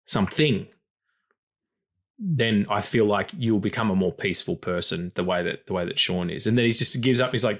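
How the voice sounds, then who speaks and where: A man's voice: fairly low pitch, moderate pace, fairly bright tone. A man hosting a film podcast in casual chat, rambling and philosophizing with frequent swearing. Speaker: podcast host.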